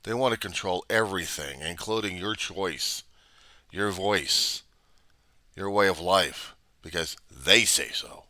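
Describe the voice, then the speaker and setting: A man's voice: low-pitched, takes it slowly, sharp tone, dry recording. A man giving a political commentary monologue in an argumentative way, full of rhetorical questions. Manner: argumentative, rhetorical questions, acts out both sides. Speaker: vlogger.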